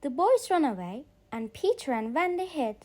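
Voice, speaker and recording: A woman reading a bedtime story aloud for English learners, clear and expressive. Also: high voice, normal speed.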